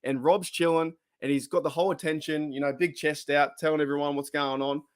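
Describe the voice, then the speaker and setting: A man's voice: fairly high pitch, level tone, fairly quick, clean tone, dry recording, clean studio sound. A middle-aged Australian man hosting a live podcast, telling a long rambling story full of slang, restarts and laughter. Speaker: podcast host.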